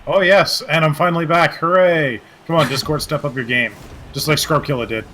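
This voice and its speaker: A man giving colour commentary on an esports match, calm analysis with dry jokes. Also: on the high side, a little fast, slight background noise. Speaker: esports co-caster.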